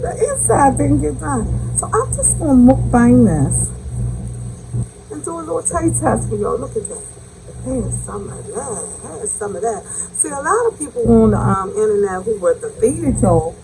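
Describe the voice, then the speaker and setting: A woman's voice: sits high, warm tone, slight background noise, poor audio. A woman hosting a casual cooking vlog, tasting her dish and talking effusively to viewers, with savoring hums between bites. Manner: effusive, calls viewers baby and y'all; savoring mm sounds while eating. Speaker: home cook and channel host.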